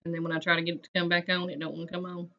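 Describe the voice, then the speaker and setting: A woman's voice: on the low side, flat delivery, very fast, highs cut off. A woman, hosting a casual livestream chat and greeting viewers by name in a folksy way. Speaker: livestream host.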